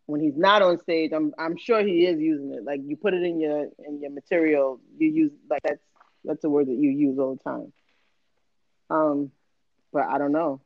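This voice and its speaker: A man in casual chat, relaxed and hesitant, thinking aloud with lots of fillers. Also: a little high, normal speed, no echo, lo-fi sound. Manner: relaxed, hesitant, full of "like" and "you know".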